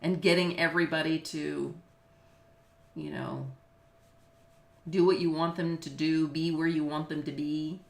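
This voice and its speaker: On a video call, a middle-aged business law teacher from Los Angeles, United States, talks casually, using lots of fillers and laughing easily. Her low-pitched voice is flat and unhurried, and she pauses often. The recording has an echoey room sound.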